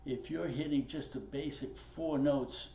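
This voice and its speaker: This drum teacher's voice is fairly high and steady, his pace measured, as he works through a lesson at the kit in an echoey room with faint noise. He keeps it plain and patient, restating points and asking "okay" as he moves from step to step.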